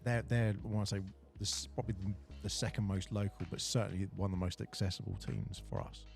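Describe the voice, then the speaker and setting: Gravelly-voiced wry British man. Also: on the low side, big pitch swings, darkish tone. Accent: British English. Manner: wry, quick to laugh. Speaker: podcast co-host. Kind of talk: casual chat. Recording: studio with faint background music.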